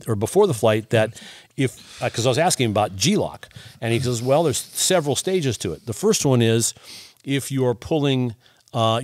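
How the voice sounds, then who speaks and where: A man's voice: medium pitch, a little mellow, no room sound. Man, co-host, casual chat, detailed explainer, dry recording. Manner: explains things in detail, lots of short agreeing replies.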